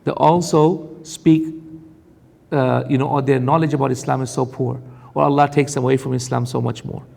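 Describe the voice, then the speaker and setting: A man's voice: mid-range voice, flat delivery, moderate pace, vocal fry, a little mellow, big-room sound. A man preaching a sermon on Quran commentary, warning his audience emphatically and reciting Arabic verses between explanations.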